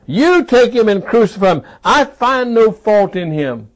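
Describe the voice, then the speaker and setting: An exasperated, pleading old roman governor, voiced by a preacher mid-sermon, throwing each repeated line at the crowd with a high, swooping voice. he leans hard on every phrase and says it twice, slowly and forcefully. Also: sing-song. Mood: insistent. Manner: emphatic, repeating himself.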